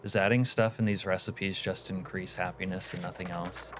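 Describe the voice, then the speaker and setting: A man's voice: low voice, steady tone, normal speed, slight background noise. A young man streaming a game, chatting casually and rambling through answers to his chat. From United States. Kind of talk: casual livestream chat while gaming.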